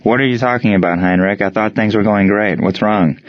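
A man voicing a calm, reasonable American team leader. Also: lowish voice, a little fast, no room sound, lightly acted. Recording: dry, dull lo-fi sound.

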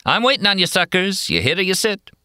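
Brash high-pitched hustler, cocky auctioneer patter, bright and loud. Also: male voice, very animated, fairly quick, smooth, no echo, clean studio sound, heavily acted. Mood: rowdy patter. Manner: rowdy, cocky, swaggering. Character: brash loud male card-dealing patient, hustler.

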